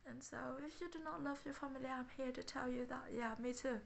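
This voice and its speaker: A woman talking haltingly in a personal diary vlog, often searching for words. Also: high voice, fairly even intonation, vocal fry. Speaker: vlogger.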